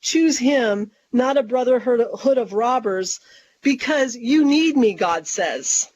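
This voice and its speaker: A guest author on an interview show, a woman with a fairly high voice, tells a story slowly and with animation, acting out her own lines and others' in lively voices. The recording is dull and lo-fi, with a little hiss or hum.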